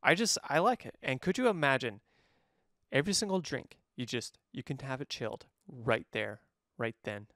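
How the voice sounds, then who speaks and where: A man's voice: medium pitch, moderate pace, a bit bright, no room sound, clean studio sound. A man co-hosting a movie review podcast, bantering playfully in a casual chat. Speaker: podcast co-host.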